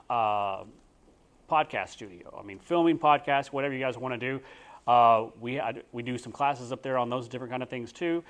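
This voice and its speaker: A young man with a Texan accent, a real estate agent teaching a class in a folksy, rambling way with frequent restarts. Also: mid-range voice. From Texas. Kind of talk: casual spoken class talk.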